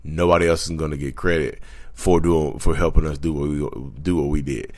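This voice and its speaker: A man with a very low, deep voice talks casually to his viewers, calling them y'all. He rambles, repeats himself and swears bluntly as he goes. He speaks into a handheld microphone. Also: flat delivery, fairly quick, a little mellow. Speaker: YouTuber talking about narcissism. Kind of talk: casual vlog monologue. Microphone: handheld USB microphone.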